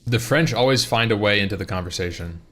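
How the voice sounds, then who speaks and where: A man's voice: lowish voice, fast talker, a bit bright. Rambling male streamer chatting with viewers. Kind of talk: casual live-stream chat.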